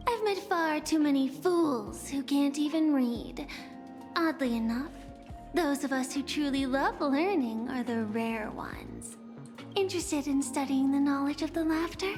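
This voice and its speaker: A woman's voice: high voice, slow, darkish tone, soft background music. An actress playing an earnest, bookish young woman in a game, talking in a gushing way about learning. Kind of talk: game voice acting.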